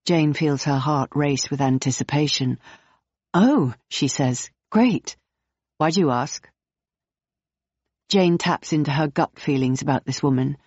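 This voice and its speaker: A woman reads a novel aloud in the third person, steady and clear. The recording sounds dull and muffled, with no room echo. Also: sits low. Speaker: audiobook narrator. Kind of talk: third-person audiobook narration.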